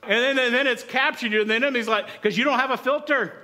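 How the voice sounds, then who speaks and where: A man's voice: extremely high pitch, fast talker. A middle-aged man preaching a sermon in a church, telling stories and asking the congregation for responses. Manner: lively storytelling, asks the congregation for responses. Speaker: pastor.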